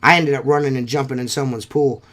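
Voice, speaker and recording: A man's voice: mid-range voice, fast, slight background noise. A young adult man hosting a casual chat, telling stories with heavy swearing and frequent laughs. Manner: profane, laughs often, animated storytelling. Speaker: podcast host.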